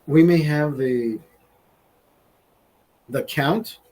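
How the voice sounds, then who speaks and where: This male show host rants heatedly, swearing constantly and repeatedly restarting his sentences. His voice sits on the high side and has a darkish tone, and he speaks very slowly over poor audio.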